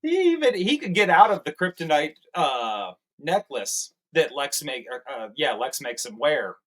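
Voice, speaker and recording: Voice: mid-range voice, very animated, unhurried. A co-host of a movie review show, throwing in sarcastic, profane jokes in casual banter. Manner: sarcastic, profane, mocking asides.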